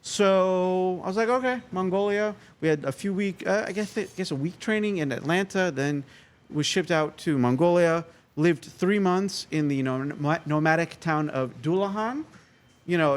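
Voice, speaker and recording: Animated joking man telling stories. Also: a little high, normal speed. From United States. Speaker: guest. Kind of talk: casual interview storytelling.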